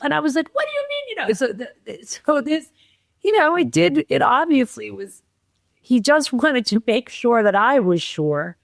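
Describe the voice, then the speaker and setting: A woman guest on a podcast tells a personal story in an animated, expressive way, lively in her voice and acting out what others said. She sounds close to the mic in a dry room, middle-aged, and near tears at times. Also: sits high, normal speed, vocal fry, dry recording. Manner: animated, acts out quotes, laughs while telling. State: tearful at moments.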